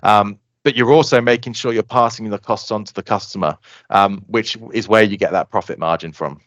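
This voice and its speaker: Man, low voice, rapid animated pitch, close dry mic, lo-fi. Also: dry recording. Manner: fast, animated explaining, acts out customer quotes. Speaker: software company guest. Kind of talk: casual podcast interview.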